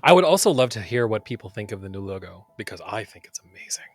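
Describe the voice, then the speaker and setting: A man co-hosting a podcast, chatting casually as a tarot reader, expressive and swearing, with many fillers and restarts. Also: fairly low pitch, fast, dry recording, soft background music. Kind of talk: casual chat.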